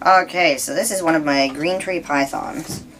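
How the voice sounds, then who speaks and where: A man's voice: fairly high pitch, moderate pace, background noise. A man keeping snakes, chatting casually and coaxing his animals in a vlog. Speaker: reptile keeper.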